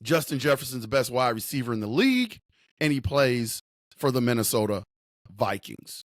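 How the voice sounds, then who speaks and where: A man's voice: medium pitch, expressive, normal speed, no room sound, clean studio sound. A man hosting a sports talk show, speaking with emphatic, repetitive hometown enthusiasm. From Upper Midwest. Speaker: sports podcast host.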